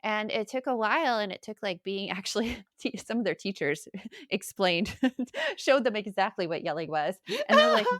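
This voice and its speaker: A middle-aged woman co-hosting a parenting podcast in casual chat, animated and laughing often. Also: medium pitch, moderate pace, no echo, clean studio sound. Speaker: podcast co-host.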